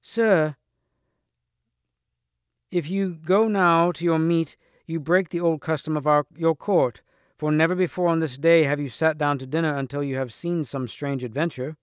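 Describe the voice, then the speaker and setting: A man's voice: a little high, steady tone, brisk, hardly any pauses, clear, resonant tone, no echo, clean studio sound, close to an everyday voice. A man voicing a blunt male court steward who protests emphatically, in a storybook reading. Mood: protesting. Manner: emphatic and scolding.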